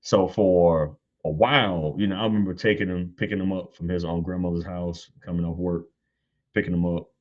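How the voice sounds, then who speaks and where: Guest speaker, thirties, very low voice, lively storyteller who jumps up high for quotes; muffled lo-fi recording. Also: male voice, normal speed. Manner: animated, laughs often, acts out quotes in high voice. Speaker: guest on church panel. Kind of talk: casual storytelling.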